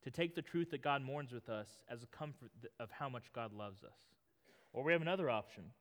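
Standing in a church sanctuary, a man in his thirties preaches at a medium pitch, sounding animated and brisk. As a pastor, he reads from scripture and talks in a sincere, conversational manner, with long reverb filling the hall.

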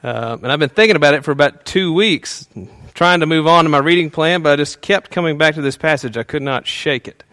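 A pastor with a fairly high voice preaches a little fast, hardly pausing, in a relaxed and conversational manner with frequent fillers and small chuckles. For prayer he becomes soft and hushed. There's no room sound in the recording.

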